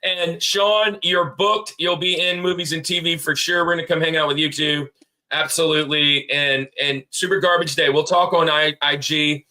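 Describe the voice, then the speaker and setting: Male podcast co-host, bright and a touch high, chatty and rambling. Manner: rambling, laughs while telling stories. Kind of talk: casual podcast chat.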